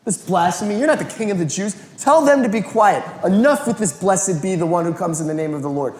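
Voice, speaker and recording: A preacher putting on an indignant male Pharisee, shrill and scolding, his voice jumping well above his usual register. He barks out orders loudly, with a roomy echo around him. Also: animated, fairly quick.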